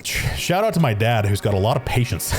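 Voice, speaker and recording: A man streaming from his home gaming setup on a studio microphone, telling a story in a rambling, self-mocking way full of restarts and fillers. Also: lowish voice. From Canada. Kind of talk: casual storytelling while gaming. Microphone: studio dynamic microphone.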